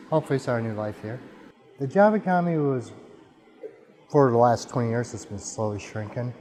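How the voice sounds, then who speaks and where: A man's voice: on the low side, low-quality recording. A man in his forties speaking plainly and matter-of-factly in a documentary interview at a shelter. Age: 40s.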